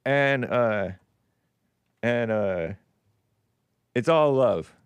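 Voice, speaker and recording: A man's voice: mid-range voice, animated, extremely slow, smooth, no echo, lo-fi sound. A man hosting a call-in show, chatting casually and agreeably, chuckling often.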